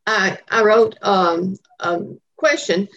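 A woman's voice: medium pitch, expressive, takes it slowly, a bit bright, dull audio, slight background noise. A woman calling in with a question, sounding frustrated and talking in long run-on sentences. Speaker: caller. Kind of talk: call-in question.

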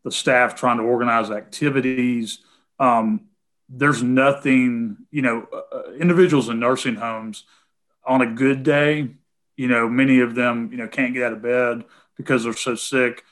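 A man's voice: mid-range voice, fairly even intonation, unhurried, fairly bright tone. Man, Tennessee accent, hesitant speech, many fillers, answering callers, casual call-in talk. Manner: hesitant, full of "um" and "you know". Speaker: guest answering callers' questions.

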